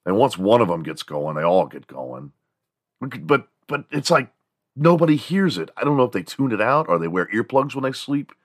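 A man's voice: mid-range voice, very animated, moderate pace, dry recording, studio quality. A man hosting a podcast, rambling through a profane, casual comedic rant and now and then bursting into other people's voices. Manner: acts out quoted voices in bursts. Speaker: podcast host.

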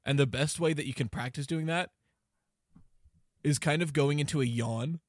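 A man's voice: a little high, normal speed, no room sound, clean studio sound. A man hosting a podcast, explaining things in a loose, rambling casual chat with lots of fillers. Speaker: podcast host.

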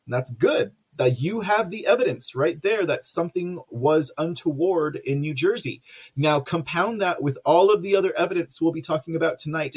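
A talkative male livestream host with a somewhat high voice. He rambles through viewer comments, stumbles over fillers, and breaks into laughter often. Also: slightly rough. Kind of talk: casual livestream commentary reading viewer chat.

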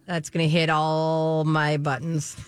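A woman's voice: low-pitched, completely flat delivery, takes it slowly, smooth, no room sound. Woman co-host, dry close sound. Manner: enthusiastic, agreeable. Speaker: radio co-host. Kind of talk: casual chat.

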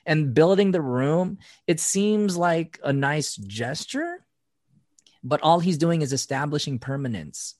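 A man co-hosting a casual chat about a reality show, animated and playful, sometimes slipping into mock voices. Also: a little high, measured pace, dry recording, studio quality. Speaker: podcast co-host.

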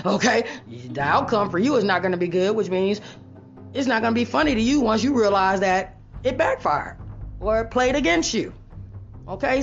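A woman hosting her own show, talking straight to viewers in a blunt, profane, preachy monologue that rises into loud rants. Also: mid-range voice, lo-fi sound. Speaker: online show host.

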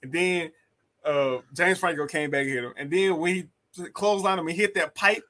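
A man's voice: fairly high pitch, moderate pace, a crowd in the background. A young man co-hosting a casual podcast, joking around and acting out movie scenes as he talks. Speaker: podcast co-host. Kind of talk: casual chat.

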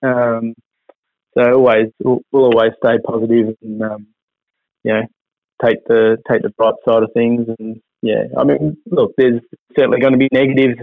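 A man's voice: mid-range voice, little pitch movement, creaky, no echo. A man, a racing team manager giving hesitant, upbeat interview answers full of fillers. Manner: hesitant, many fillers and restarts; upbeat, measured. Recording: dry, phone-like line.

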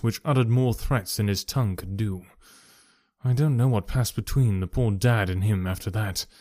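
A man voicing a troubled young gentleman who earnestly recounts a family ordeal. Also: on the low side, no echo, clean studio sound, lightly acted. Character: young gentleman, troubled, telling of his father's ruin.

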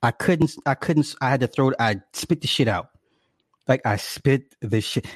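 A man's voice: medium pitch, moderate pace, no echo. A young man at home telling his viewers a story in a casual rant, indignant and exaggerated, swearing and laughing often. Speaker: livestreamer talking to viewers.

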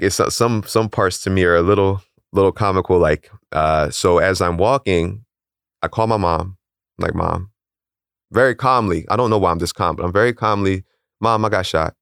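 A young man calmly and plainly recounting a personal story in a casual interview. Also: deep voice, dry recording, clean studio sound. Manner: calm, matter-of-fact, chuckles at odd details.

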